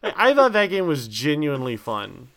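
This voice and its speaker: Gravelly, bright-voiced ranting young man. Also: a little high, wildly swooping pitch, normal speed. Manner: blunt, ranting comic delivery. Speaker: podcast co-host. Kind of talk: casual chat.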